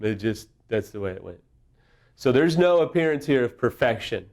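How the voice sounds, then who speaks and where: A man's voice: mid-range voice, animated, normal speed, a little mellow. Middle-aged man, recovery speaker; candid, humorous, vulnerable. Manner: self-deprecating, humorous, openly vulnerable. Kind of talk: candid casual teaching talk.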